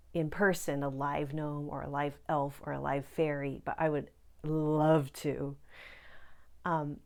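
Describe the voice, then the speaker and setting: A woman with a notably low voice hosts a casual spiritual vlog. She talks straight to her viewers, chatty and earnest, with gushing asides. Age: adult parent. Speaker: psychic and spiritual-growth video host. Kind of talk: casual direct-to-camera vlog talk.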